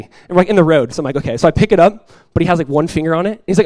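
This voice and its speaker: A man preaching a sermon as pastor, conversational and lively, telling stories and acting out quoted voices. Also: a little high, racing, few pauses, no room sound.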